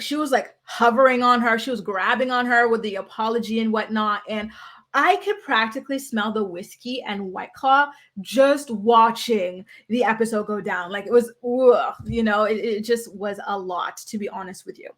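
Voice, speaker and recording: Young woman, casual recap vlogger, gossipy chatter, fairly high voice. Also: fairly bright tone. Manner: chatty, gossipy, with frequent "like" and asides.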